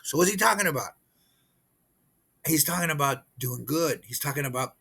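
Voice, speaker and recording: Husky man preaching a casual sermon. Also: mid-range voice, expressive, a bit bright. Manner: conversational, halting, with many restarts and fillers. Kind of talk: informal livestream sermon. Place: missionary post abroad.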